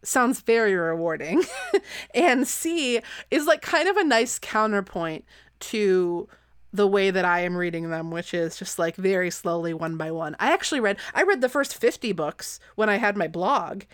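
A woman hosting a podcast in casual chat, talking fast and loose with plenty of fillers and laughs. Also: medium pitch, animated, smooth, no echo, studio quality. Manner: chatty, giggly, lots of fillers. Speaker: podcast host.

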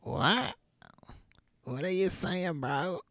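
A young man hosting a casual combat sports podcast, animated and incredulous, swearing freely. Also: medium pitch, a little slow. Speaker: podcast host.

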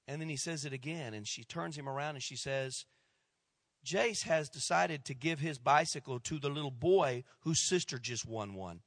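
A middle-aged male pastor telling a story in a sermon, acting out the people he quotes and dropping to a hush at tense moments. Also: medium pitch, normal speed, dry recording, studio quality. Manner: animated storyteller, acts out quoted voices, drops to hushed tones.

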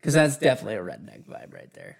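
A man's voice: fairly low pitch, wildly swooping pitch, fast, vocal fry. A man co-hosting a casual chat, teasing his partner in a mock-stern way.

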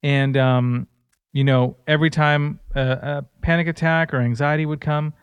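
A man's voice: fairly high pitch, fairly even intonation, normal speed, clean tone, dry recording, highs cut off. A man in his thirties co-hosting a casual faith-based podcast, telling personal stories in an earnest, conversational way. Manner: earnest storytelling. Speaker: podcast co-host.

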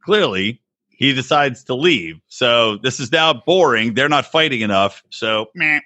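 Animated, profane podcast host. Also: male voice, measured pace. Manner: animated, profane, mocking quotes in high voices. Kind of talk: casual chat.

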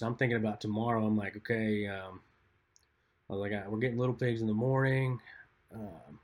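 A man's voice: fairly low pitch, darkish tone. A man co-hosting a podcast, telling stories in a chatty way with lots of filler words. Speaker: podcast co-host. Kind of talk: casual storytelling chat.

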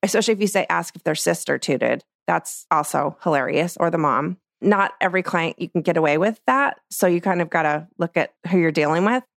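A middle-aged woman, a portrait photographer, explaining her craft in a casual, animated way and acting out what she says to clients. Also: lowish voice, fairly quick, few pauses, dry recording, clean studio sound. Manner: lively, acts out what she tells clients. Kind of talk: casual teaching talk.

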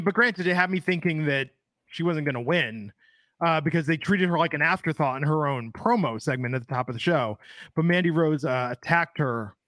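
A man's voice: on the high side, fairly bright tone, dry recording, clean studio sound. A man in his thirties co-hosting a casual podcast, rambling and thinking aloud with fillers. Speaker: podcast co-host. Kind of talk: casual wrestling podcast chat.

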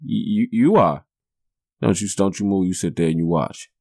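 A man's voice: deep voice, moderate pace, gravelly, darkish tone, no room sound, clean studio sound. A man voicing his father as a stern, protective middle-aged dad, firm and commanding.

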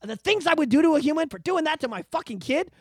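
A man's voice: very high voice, animated, fast, no echo. A man hosting a casual podcast, from Canada, ranting emphatically with constant profanity. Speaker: podcast host.

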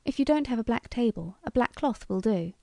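A woman voicing an eager young male toy demonstrator who makes a salesman's pitch and then confides. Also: animated, brisk, darkish tone, dry recording. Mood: confiding.

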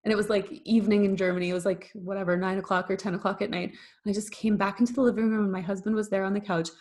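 A woman from Canada in her thirties, a podcast guest telling her story in an animated, casual way, full of "like" and acted-out quotes. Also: medium pitch, racing. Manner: animated, acts out quoted voices, frequent fillers.

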